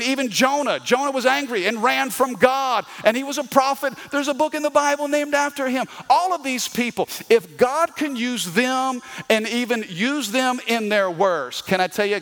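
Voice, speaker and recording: A male pastor preaching a sermon, swinging between loud emphatic bursts and slow hushed lines and calling the congregation for amens. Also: very high-pitched. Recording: long reverb of a large hall.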